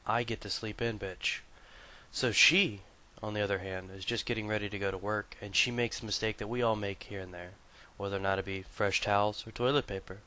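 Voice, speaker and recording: A man's voice: fairly low pitch, a little fast. A man hosting a gaming video, telling a comic story and talking through his gear with crude, profane banter. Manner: shifts from hushed storytelling to loud excited bursts. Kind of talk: comic storytelling and gameplay commentary.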